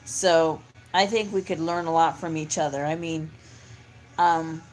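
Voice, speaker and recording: A woman's voice: sits low, fairly even intonation, unhurried, slight background noise. A middle-aged woman talking in a casual, rambling monologue, full of fillers and restarts. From California. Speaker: vlogger.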